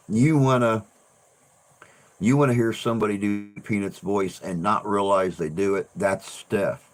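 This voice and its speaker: This livestream host rambles through a casual chat, repeating words, restarting sentences and swearing now and then. His voice is lowish, slow and creaky, with frequent pauses and slight background noise.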